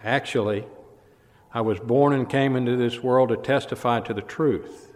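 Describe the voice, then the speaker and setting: A man giving voice to a calm male teacher who speaks in a steady, solemn and measured way. His pitch sits in the middle. A long reverb tail follows each phrase in the hall. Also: lightly acted.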